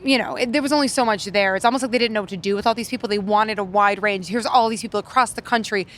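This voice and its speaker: A woman from Worcester, a podcast guest chatting about a film in a quick, blunt, jokey way. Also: mid-range voice, fairly bright tone. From Worcester, Massachusetts. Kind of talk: casual movie review chat.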